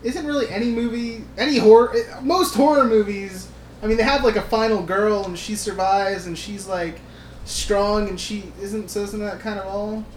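A man co-hosting a casual podcast, talking animatedly and swearing, acting out movie scenes in quick quoted voices. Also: high-pitched, steady tone. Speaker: podcast co-host. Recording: roomy with faint noise.

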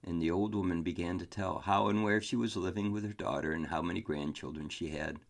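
A man reading a story aloud, his narration calm, measured and earnest. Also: deep voice, gravelly.

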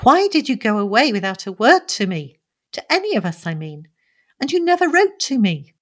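A woman's voice: mid-range voice, expressive, moderate pace, fairly bright tone. A woman reading the part of a young society woman, earnest and emotional, pleading and reproachful by turns. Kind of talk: audiobook character reading.

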